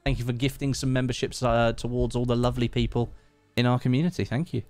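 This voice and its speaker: A man's voice: mid-range voice, fairly even intonation, quick pace, a little mellow, dry recording, soft background music. A man, casually chatting and thanking viewers one by one while streaming a game, laughing often. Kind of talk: casual live-stream chat while gaming.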